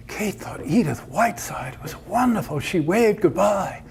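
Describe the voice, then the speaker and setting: A man telling a story aloud in a conversational, unhurried way. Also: sits high, lively intonation, vocal fry, slight background noise. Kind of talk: told story narration.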